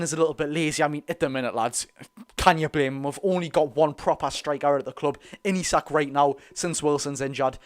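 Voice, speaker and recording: A man with a Geordie accent giving excited, rapid live football commentary as host of a fan watch-along, cheering his side on. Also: on the high side. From North East England. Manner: talks very fast; animated, cheers players on.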